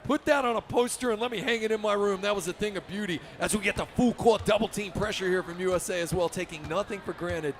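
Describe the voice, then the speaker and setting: A man giving energetic, upbeat play-by-play for a basketball video game tournament, often shouting the big plays. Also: sits high, quick pace, few pauses, a little hiss or hum. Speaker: esports commentator.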